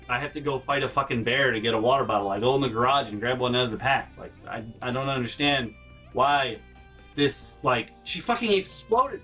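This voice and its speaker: Distant from the microphone and captured in poor audio, a medium-pitched man tells a funny story from his life. As a channel host and storyteller, he rambles along in an animated way and swears without restraint.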